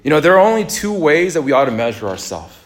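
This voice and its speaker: A man preaching a sermon in a relaxed, conversational way, with jokes and asides to the congregation. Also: on the high side, fast talker. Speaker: pastor. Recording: echoey room.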